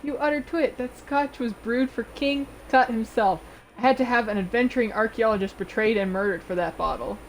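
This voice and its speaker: A woman's voice: fairly high pitch, a little fast, slight background noise, lightly acted, rough recording. A woman voicing a haughty, snobbish female gorgon student who scolds with aloof disdain. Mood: scornful.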